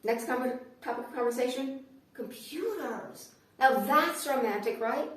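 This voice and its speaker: Sarcastic lady doing stand-up, highish voice, far off the mic, goes quiet then loud. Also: animated, unhurried, very echoey. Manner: sarcastic, swings from hushed asides to loud outbursts. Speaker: comedian. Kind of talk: stand-up comedy monologue.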